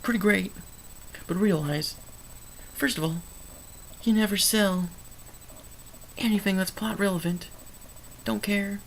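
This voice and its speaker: A slow-talking vlogger with a gravelly, creaky voice, rambling through an unscripted film review. The delivery is sarcastic and emphatic, with repeated punchy lines and frequent self-corrections, over a faint hiss. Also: mid-range voice, poor audio. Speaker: movie reviewer.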